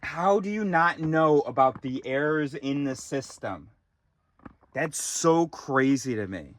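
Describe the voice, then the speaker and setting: A man's voice: on the high side, expressive, slow. A man ranting in a profane, exasperated monologue, recorded in a car. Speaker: vlogger.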